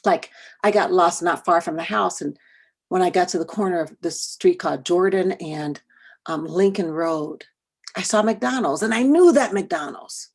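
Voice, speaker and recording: A woman's voice: fairly low pitch, normal speed, darkish tone, breathy edge. A middle-aged woman educator giving a workshop talk, telling a personal story, asking the audience questions and dropping to a whisper for quoted thoughts. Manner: addresses the audience directly with questions.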